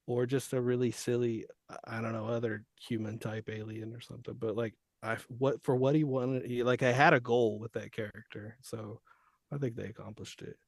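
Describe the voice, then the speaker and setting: A man's voice: mid-range voice, steady tone, moderate pace, dry recording. A male guest voice actor chatting casually on a podcast in a laid-back, surfer-dude way.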